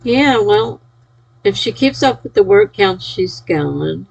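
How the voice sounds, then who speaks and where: A woman's voice: medium pitch, animated, slow pace, gravelly, rough recording. A sleepy, yawning woman chatting casually on a live stream, reading out and cheering viewers' chat messages. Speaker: livestreamer.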